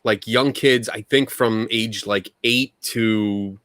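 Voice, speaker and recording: A man's voice: on the low side, steady tone, slow pace, a bit bright, no echo. A man co-hosting a casual podcast chat, ranting angrily and swearing, then laughing it off. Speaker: podcast co-host.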